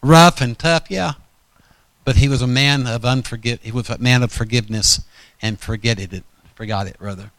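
A man's voice: mid-range voice, steady tone, moderate pace, fairly bright tone, no echo. A man preaching a storytelling sermon in a folksy, rambling way, often correcting himself mid-sentence.

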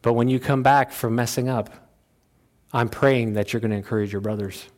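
A pastor preaching in a folksy, conversational way. He pushes his voice up high and loud to drive a point home, then drops to a low, quiet tone for asides. His voice sits at a middle pitch for a man. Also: steady tone, normal speed. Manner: folksy, plain-spoken preaching. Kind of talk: sermon.

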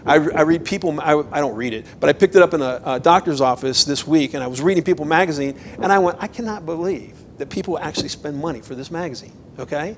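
A man, a pastor, preaching a sermon in a conversational, animated way, with emphatic bursts. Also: a little high, fast, hardly any pauses, a little hiss or hum, poor audio.

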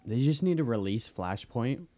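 A man co-hosting a podcast in casual banter, blunt and profane, quick to dismiss things. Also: medium pitch, animated, warm tone, no echo. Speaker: podcast co-host.

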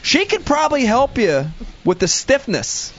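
A man hosting a comedic talk show, teasing his caller in an excitable way. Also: extremely high pitch, measured pace. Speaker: host. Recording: dull lo-fi audio.

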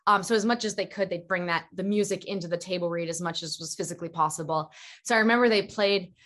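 A woman guest chatting in an interview, lively and gushing as she tells stories. She restarts her sentences often and lets her excitement run ahead of her words. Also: lowish voice, fast talker. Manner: animated, gushing storyteller with many restarts. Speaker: actress guest. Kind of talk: casual interview chat.

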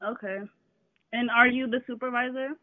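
A woman's voice: a little high, steady tone, normal speed, no echo. A woman on a tinny, dry phone line, complaining to customer service. She is insistent and demanding, repeating herself to push through interruptions. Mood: questioning. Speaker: complaining caller.

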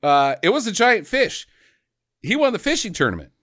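Animated man recapping a film. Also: high voice, normal speed. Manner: animated, swearing, mock-quoting characters. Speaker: podcast co-host. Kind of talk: casual movie recap chat.

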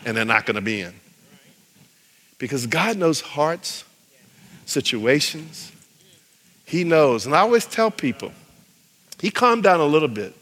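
A man's voice: medium pitch, fairly bright tone. A man preaching a sermon as pastor, telling a story animatedly and acting out the voices of the people in it, with long hall reverb.

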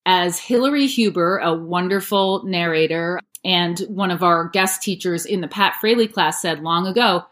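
Chatty low-voiced woman narrator. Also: moderate pace, hardly any pauses, fairly bright tone. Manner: chatty, with many "like" fillers and light laughs. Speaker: audiobook narrator and voice actor. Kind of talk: casual interview answers.

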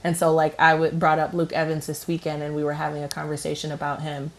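A woman co-hosting a radio talk show, chatting casually with many fillers and quick asides. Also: deep voice, completely flat delivery. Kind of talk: casual chat.

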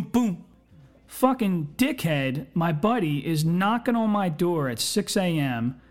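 This is a podcast host spinning a long story in a loose, rambling way. The speech is packed with swearing and fillers, and the pitch sits at an ordinary middle level. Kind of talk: casual storytelling.

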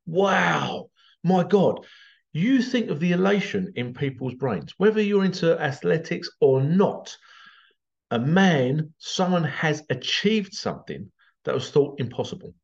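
A man delivering an animated, repetitive monologue to camera as a vlogger. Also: on the high side, unhurried, creaky, dull audio. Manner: animated, repetitive, acts out quotes in exaggerated voices. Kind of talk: ranting monologue.

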